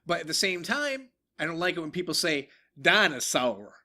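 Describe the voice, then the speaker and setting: A man's voice: fairly high pitch, animated, a little fast, pushed and bright. A man with a Massachusetts accent, co-hosting a podcast and telling stories in a casual, joking, profane way. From Worcester, Massachusetts. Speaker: podcast co-host. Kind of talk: casual chat.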